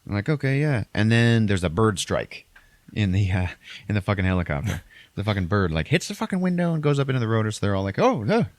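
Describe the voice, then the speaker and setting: Low-voiced man casually recapping a movie. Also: lively intonation, quick pace, no room sound. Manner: profane, rambling, acts out characters in exaggerated high voices. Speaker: podcast host recapping a movie. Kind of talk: casual chat.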